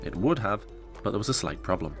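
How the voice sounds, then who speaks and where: A man's voice: lowish voice, animated, fast, over loud music. A man narrating a documentary in a scripted, dryly wry tone.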